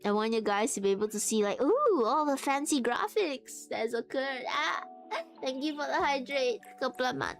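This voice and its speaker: A woman's voice: high voice, moderate pace, soft background music. A woman streamer chatting casually and giggling often, with lots of fillers, while sewing on a livestream.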